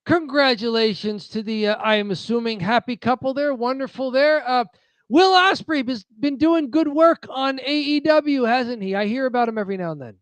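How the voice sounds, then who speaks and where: An American man co-hosts a wrestling podcast in a remarkably high, smooth voice. He rambles through his segments with plenty of filler, and the sound is dry and close. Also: normal speed, no echo. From United States. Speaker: podcast co-host. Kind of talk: casual chat.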